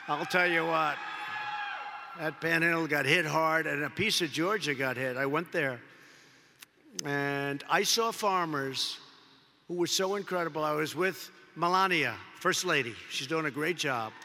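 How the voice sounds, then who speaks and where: A man's voice: fairly high pitch, unhurried, noisy background. A man giving a rally speech as a politician, rambling and repeating himself, piling on superlatives. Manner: rambling, repetitive, heavy on superlatives. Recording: long reverb of a large hall.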